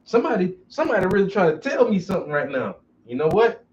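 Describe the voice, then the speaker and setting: A man's voice: sits high, sing-song, fast. A man telling profane, joking stories casually while he paints. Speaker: painter streaming while working. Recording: distant, dull lo-fi with faint noise.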